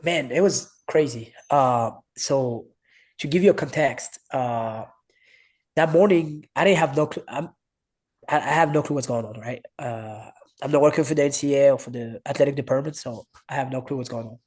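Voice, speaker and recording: A man's voice: medium pitch, moderate pace, darkish tone. A man in his thirties from France with a French accent, a wrestling coach telling a story as a podcast guest, animating the quoted voices in broken English. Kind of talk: casual interview storytelling.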